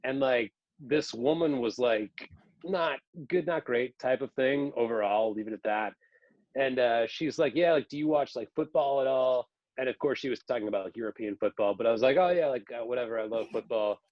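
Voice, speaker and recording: A young man, a comedian guest on a podcast, talking casually with lots of fillers and swearing, animated and quick to laugh. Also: medium pitch, dry recording. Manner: filler-heavy, animated, profane. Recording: slightly dull sound.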